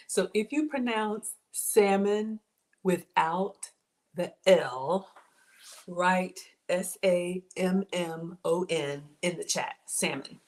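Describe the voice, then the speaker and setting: A woman's voice: lowish voice, takes it slowly. A woman hosting a casual cooking livestream, chatty and bubbly, laughing often as she reads viewer comments aloud. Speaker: home cook livestream host.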